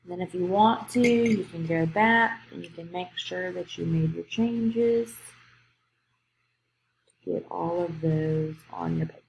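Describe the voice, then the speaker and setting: A woman's voice: lowish voice, unhurried, creaky, darkish tone, dull audio, a little hiss or hum. Patient woman teaching grammar. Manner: patient, explains step by step, checks in with "okay?". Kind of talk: grammar lesson for young students. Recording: echoey room.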